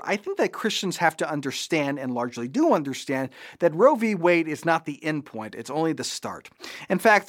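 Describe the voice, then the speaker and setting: A man's voice: on the high side, fairly bright tone. Sarcastic man hosting commentary. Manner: sarcastic, mocking asides. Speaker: commentary show host. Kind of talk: scripted political commentary.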